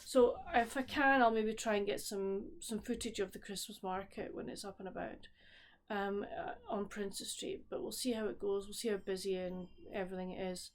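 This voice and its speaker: A woman's voice: medium pitch, steady tone, normal speed. A woman with a Scottish accent chatting casually about her week as a book vlogger, rambling and often breaking off to restart her sentences. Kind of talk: casual chat. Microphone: solo camera recording at home.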